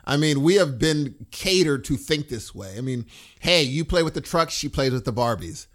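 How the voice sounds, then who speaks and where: A man's voice: a little high, normal speed. A middle-aged man co-hosting a podcast, chatting casually and acting out what people would say. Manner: animated, acts out quoted voices. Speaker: podcast co-host. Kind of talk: casual chat.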